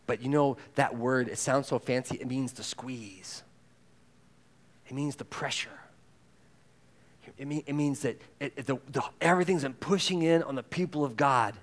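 A man preaching a sermon in a conversational way, acting out quoted voices and moving between loud emphasis and hushed intensity. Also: mid-range voice, moderate pace. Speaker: pastor.

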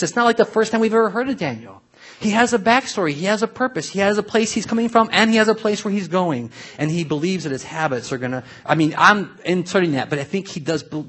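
Husky-voiced pastor preaching conversationally. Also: male voice, fairly high pitch, a bit bright. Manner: conversational, acts out quoted voices. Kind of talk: sermon.

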